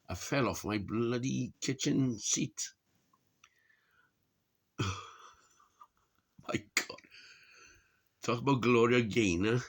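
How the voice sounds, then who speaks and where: A man's voice: mid-range voice, big pitch swings, slow, long pauses, a bit bright. Grumbling middle-aged man. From Wales. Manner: grumbling, swears often, laughs at his own remarks. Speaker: vlogger. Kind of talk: rambling casual monologue.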